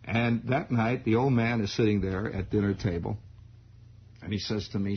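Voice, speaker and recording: A man's voice: fairly low pitch, fairly even intonation, normal speed, husky. A man in his forties from the United States, telling a rambling story as a radio host and laughing at his own tale. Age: 40s. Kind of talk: improvised radio monologue. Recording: dull old radio broadcast.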